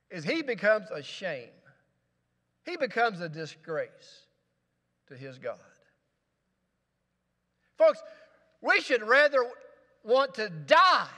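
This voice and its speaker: A man's voice: sits high, pushed and bright, in a large hall. A male pastor preaching a sermon in a church, with rising emphasis and rhetorical questions. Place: church sanctuary.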